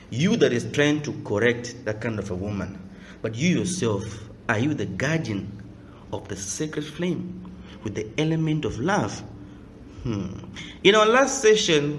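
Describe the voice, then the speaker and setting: A man's voice: mid-range voice, a bit bright, a little hiss or hum. Emphatic male preacher with rhetorical questions. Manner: emphatic, rhetorical questions, acts out quoted speakers. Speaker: spiritual teacher. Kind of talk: preaching lecture.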